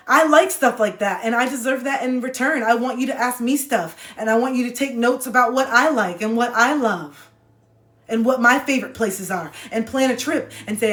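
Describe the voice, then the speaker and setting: A woman's voice: fairly high pitch, normal speed, a bit bright, reverberant. A woman in her thirties chatting candidly on a phone livestream, emotional and heartfelt, rambling with restarts. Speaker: livestreamer and card reader.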